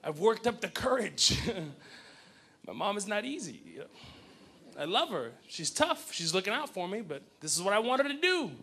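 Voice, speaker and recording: Loud stand-up comedian, very high voice. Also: male voice, moderate pace. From grew up in Houston, Texas. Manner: animated, loud, joking. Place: comedy stage. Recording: live club with crowd and noise.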